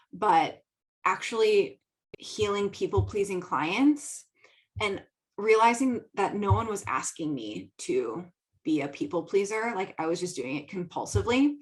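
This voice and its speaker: A young adult woman hosting her own podcast, chatting casually and laughing often, with lots of "like". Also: mid-range voice. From American Midwest. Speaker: podcast host and business coach. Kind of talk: casual solo talk.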